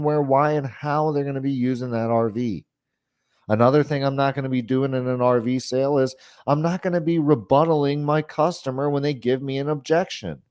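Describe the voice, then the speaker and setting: A man's voice: mid-range voice, darkish tone, no room sound, clean studio sound. A man giving casual sales coaching, talking it through with lots of fillers and acting out customer lines. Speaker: sales trainer.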